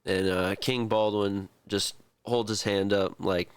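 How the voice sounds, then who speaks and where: Guy gm rambling through a tabletop game, slow, smooth, dry sound. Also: on the low side, no echo. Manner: relaxed, rambling with fillers. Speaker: game master.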